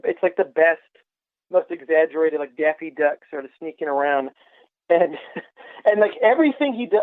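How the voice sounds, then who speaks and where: A man co-hosting a podcast, chatting with many fillers and halting restarts, often laughing. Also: fairly high pitch, no echo. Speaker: podcast co-host. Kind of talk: casual chat. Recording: tinny phone-like line, dry.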